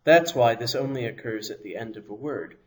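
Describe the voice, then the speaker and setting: A man teaching a language lesson, explaining each sound patiently and pronouncing examples slowly and carefully. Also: medium pitch.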